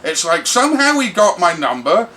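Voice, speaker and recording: A middle-aged man, a rock musician telling stories in a brash, animated interview. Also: high voice, normal speed, a little hiss or hum. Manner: brash, animated, does voices for quoted people. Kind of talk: casual storytelling interview.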